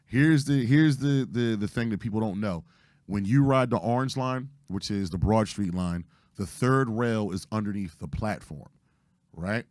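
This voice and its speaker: A hoarse man, telling a story casually as podcast host, animated and profane, acting out what people said. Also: fairly low pitch, unhurried, no room sound, studio quality. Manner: animated, profane retelling with acted-out quotes.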